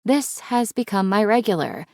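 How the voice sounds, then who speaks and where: A woman's voice: mid-range voice, very animated, normal speed, vocal fry, darkish tone, no room sound, clean studio sound. A woman narrating a romance audiobook in first person, wry and conversational.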